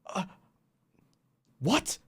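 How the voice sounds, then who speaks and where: A man's voice: normal speed, natural voice. A man voicing a panicky, wisecracking action-movie hero who sounds startled and incredulous.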